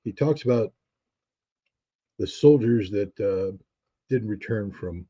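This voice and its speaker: Dark, husky man reflecting. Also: fairly low pitch, takes it slowly, highs cut off. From United States. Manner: reflective, frequent restarts and fillers. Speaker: interview guest. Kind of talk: conversational storytelling.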